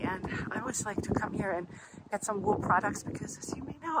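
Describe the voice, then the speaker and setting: Woman vlogger, out of breath, upbeat and chatty, recorded outdoors in heavy wind. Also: medium pitch. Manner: chatty, upbeat, many fillers. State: out of breath from hiking. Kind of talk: casual travel vlog. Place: outdoors on a forest hill. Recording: loud outdoor wind noise.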